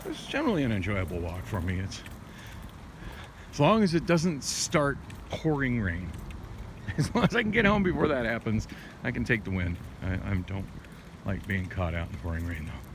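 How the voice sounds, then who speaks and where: A man's voice: lowish voice, sing-song, moderate pace. Rambling male night-walk vlogger, candid and profane, phone mic, wind and street noise. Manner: rambling, many restarts and fillers, candid and profane. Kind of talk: rambling late-night walking vlog. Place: city street at night, outdoors, walking. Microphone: handheld phone. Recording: windy outdoor phone audio.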